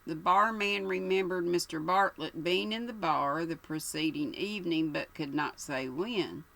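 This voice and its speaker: An older woman reading a mystery novel aloud at an unhurried pace, now and then stumbling over a word. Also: fairly low pitch, vocal fry, a bit bright, poor audio. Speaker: channel host reading aloud.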